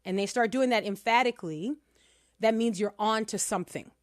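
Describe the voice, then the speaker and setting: A woman's voice: fairly high pitch, brisk, no room sound, clean studio sound. A middle-aged woman co-hosting a talk radio show, chatty and emphatic, laughing easily between points. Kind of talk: casual talk radio commentary.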